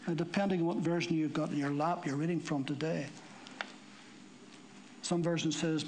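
A man's voice: fairly even intonation, fairly quick, a little hiss or hum, low-quality recording. A man preaching a sermon, reading scripture aloud and explaining it with emphatic, rising delivery. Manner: emphatic, climbing higher and louder when stirred.

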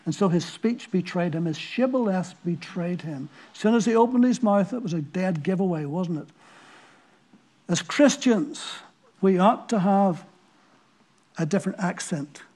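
A man's voice: sits high, lively intonation, moderate pace, darkish tone. A man with a Northern Irish accent preaching a sermon, telling stories and asking the listeners earnest rhetorical questions. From Northern Ireland.

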